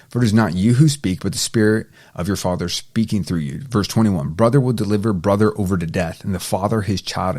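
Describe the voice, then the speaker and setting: A man's voice: deep voice, darkish tone. A man giving a casual Bible study, reading verses aloud and paraphrasing them in everyday talk. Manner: reads scripture then paraphrases casually. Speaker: Bible teacher.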